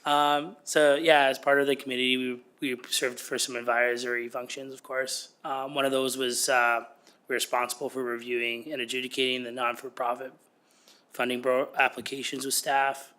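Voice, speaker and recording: Male committee member, a touch hoarse, monotone, crisp and bright, formal report peppered with fillers. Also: mid-range voice, normal speed. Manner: steady, with frequent "uh" and "um". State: a little hoarse. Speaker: committee member presenting to council. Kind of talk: formal report at a council meeting.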